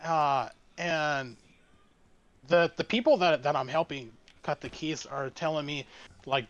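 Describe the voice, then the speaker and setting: A man's voice: fairly high pitch, unhurried. A man who is a streamer guest, casually telling a story in a rambling way full of restarts. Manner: rambling, with many restarts and fillers.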